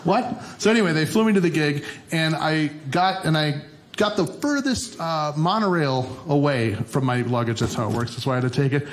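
A man from Minnesota doing a lively stand-up comedy set on stage, telling stories with quick asides and laughing along with the crowd. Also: on the high side, a little hiss or hum. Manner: animated storytelling with frequent laughs and quick asides. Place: stage in front of a laughing audience.

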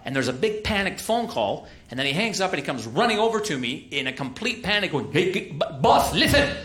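A man's voice: on the high side, sing-song, fast, pushed and bright, roomy sound. Chatty man telling a stand-up story. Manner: chatty, self-deprecating, lots of "right?" and "uh". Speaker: stand-up comedian.

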